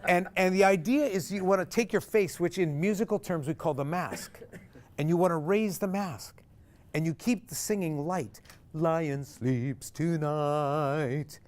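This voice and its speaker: Animated man leading a singing class. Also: sits high, normal speed. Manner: animated, joking, demonstrates by singing. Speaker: singing instructor. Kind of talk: group singing workshop.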